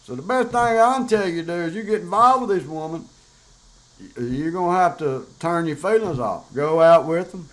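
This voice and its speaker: A man's voice: fairly high pitch, moderate pace, rough recording. An older man, talking bluntly and profanely in a rambling, casual monologue as a show host. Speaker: podcast host.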